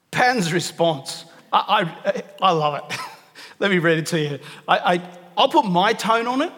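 A man's voice: sits high, fairly bright tone. A man preaching a sermon, earnest and emphatic, repeating key phrases for stress. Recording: long reverb of a large hall.

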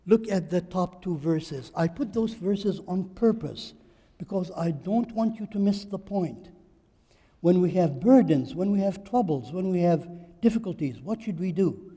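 A man's voice: high-pitched, expressive, measured pace, warm tone, long reverb tail. A man preaching a sermon in church, emphatic and repeating phrases for stress. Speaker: pastor.

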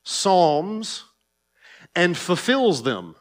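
A man preaching a sermon as pastor, animated and sarcastic at times, talking straight to the congregation and swinging from quiet low lines to loud emphatic ones. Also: extremely slow. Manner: sarcastic asides, talks directly to congregation.

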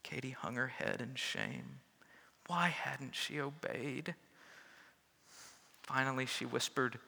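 A male pastor reading a children's story aloud to end his sermon, with a bright, forward tone. He addresses the kids in a warm, animated way. The voice trails into a long reverb from a large church sanctuary. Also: medium pitch, slow, gravelly, pauses often.

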